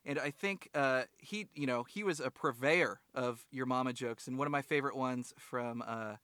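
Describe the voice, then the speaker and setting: Jokey young man with a bright voice. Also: medium pitch, moderate pace, no echo, studio quality. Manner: rambling, jokey, acts out quotes in silly voices. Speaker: podcast co-host. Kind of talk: casual comedic chat.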